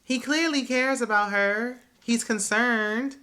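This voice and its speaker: A woman's voice: a little high, takes it slowly, sharp tone, clear, resonant tone. A woman hosting a casual reality TV recap, chatty and opinionated, who laughs often.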